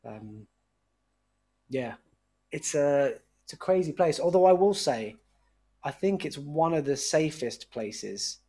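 Husky-voiced man chatting casually. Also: fairly high pitch, expressive, takes it slowly, long pauses, warm tone. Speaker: podcast guest, musician. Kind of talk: casual conversation.

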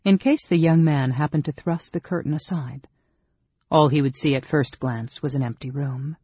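Brief: male narrator, measured scripted reading, husky tone, dead-dry booth. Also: fairly high pitch, darkish tone, no echo. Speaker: audiobook narrator. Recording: dull, dry studio sound.

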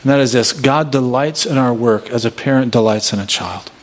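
A man in his thirties speaks to a workshop room in the easy cadence of a sermon. He tells stories about his family with self-deprecating humor and keeps asking his listeners questions. His voice sits at an ordinary middle pitch. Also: a little fast. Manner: conversational, self-deprecating storytelling with rhetorical questions. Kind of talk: sermon-style talk.

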